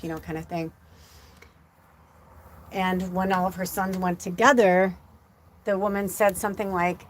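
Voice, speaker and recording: A woman's voice: on the low side, steady tone, normal speed, a little hiss or hum. Middle-aged woman, psychic medium host, casual rambling livestream talk, emotional, near tears. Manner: rambling, heavy use of "like" fillers.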